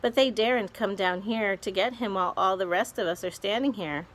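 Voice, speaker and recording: A woman reading aloud, voicing a clever young boy who explains his plan calmly and firmly. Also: medium pitch, brisk, close to an everyday voice. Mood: earnest. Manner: calm, firm explaining.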